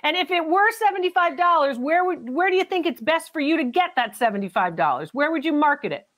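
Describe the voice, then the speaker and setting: A woman's voice: high voice, animated, fast talker, a bit bright. A woman hosting a live antiques appraisal show, chatting and teasing with callers, calling them honey and laughing often. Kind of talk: lively live-stream chat with callers.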